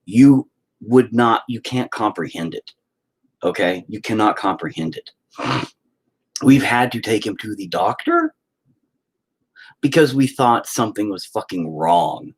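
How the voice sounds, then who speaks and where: A man's voice: on the low side, animated, unhurried, long pauses, breathy edge. A man, a father, ranting profanely and rambling on a casual live stream, slipping into mock voices. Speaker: livestreamer and father.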